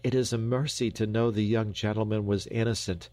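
A man's voice: on the low side, fairly even intonation, fairly quick, dark tone, dry recording, lightly acted. A man voicing a humble Dutch peasant mother who pleads earnestly and frets. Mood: pleading.

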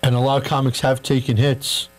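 A man hosting a variety show, asking a comic halting, self-deprecating questions in a casual interview. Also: medium pitch, little pitch movement. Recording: faint noise and mains hum.

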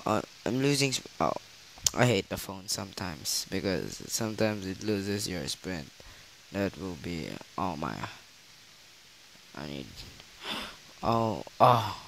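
A man's voice: deep voice, animated, takes it slowly, creaky, long pauses, fairly bright tone, low-quality recording. A teenage male gaming host reacting live to his mobile game with gasps and repeated exclamations, speaking loosely with shaky grammar. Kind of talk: live gameplay commentary. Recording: faint hiss.

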